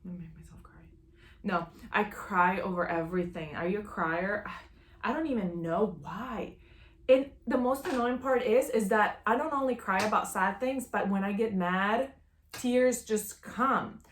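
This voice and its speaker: A woman's voice: mid-range voice, measured pace. Chatty woman sewing in an echoey room. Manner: bubbly, self-teasing and talkative while sewing. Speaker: sewing tutorial host. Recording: roomy echo, faint machine noise.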